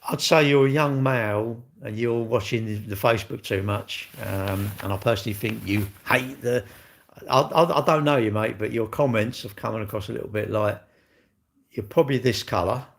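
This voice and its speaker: A man's voice: on the low side, normal speed, creaky. A man, rambling casually on a live stream as he answers viewer comments and keeps tacking tag questions onto his sentences. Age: 60s. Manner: rambling, chatty, ends lines with tag questions.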